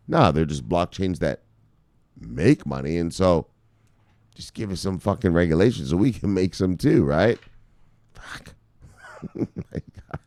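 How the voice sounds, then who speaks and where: A man's voice: a bass voice, vocal fry, no room sound. A man hosting a crypto news vlog, ranting casually with lots of swearing and laughing asides. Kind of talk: casual profane news commentary.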